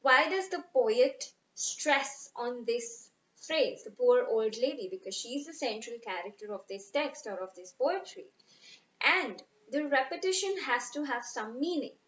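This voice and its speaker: A woman teaching poetry recitation, speaking slowly and expressively and stressing words for effect. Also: a little high, expressive, fairly bright tone, echoey room, muffled recording. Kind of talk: recitation lesson.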